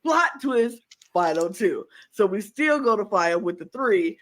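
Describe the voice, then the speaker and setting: A woman co-hosting a casual reality TV recap podcast, expressive and playful, laughing often. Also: on the low side, unhurried, a crowd in the background, rough recording. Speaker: podcast co-host.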